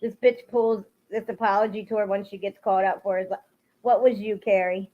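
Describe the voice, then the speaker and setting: A woman's voice: mid-range voice, fairly even intonation, fairly quick. A woman hosting a casual livestream, greeting viewers by name and venting bluntly with plenty of swearing. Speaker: livestream host. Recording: dull lo-fi stream audio.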